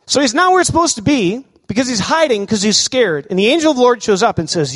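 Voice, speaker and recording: A man with a high voice preaches a lively sermon, asking the congregation questions. His voice rings out with a long reverb in a large hall. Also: quick pace, few pauses. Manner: animated preaching, asks the crowd questions. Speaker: pastor.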